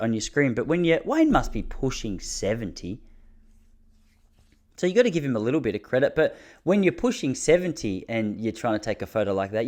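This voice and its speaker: A man's voice: medium pitch, darkish tone. Give me an Australian man in his thirties talking casually and rambling on a solo podcast. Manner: rambling storytelling with slang and restarts. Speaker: podcast host.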